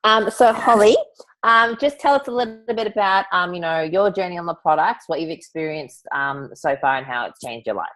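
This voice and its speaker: A woman with a low voice hosts an online event over a video call. She is chatty and warm toward her guests and calls them honey and darling. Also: expressive, fairly quick, poor audio.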